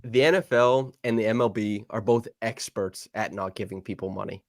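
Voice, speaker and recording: A man hosting a casual sports podcast, talking in quick, animated bursts that cut in on themselves. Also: fairly low pitch, dry recording, clean studio sound. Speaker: podcast host. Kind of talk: casual chat.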